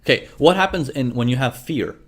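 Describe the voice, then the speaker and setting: Here a trading instructor with a medium-pitched, expressive voice moves a little quickly through a screen-share lesson on a chart. He tends to ask questions twice and voices the fears traders hear in their own minds.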